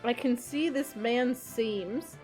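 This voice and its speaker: A woman hosting a game stream in a giggly, playful, casual chat. Her voice sits high and her talk is unhurried, with faint music behind her. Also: darkish tone. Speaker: streamer host.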